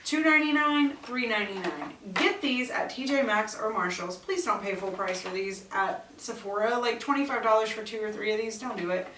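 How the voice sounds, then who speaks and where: A woman's voice: mid-range voice, fairly quick, few pauses, recorded from a distance, noisy background. Chatty, blunt woman in a roomy echo. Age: middle-aged. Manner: chatty, blunt, exasperated asides. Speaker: beauty vlogger. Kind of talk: casual product review chat.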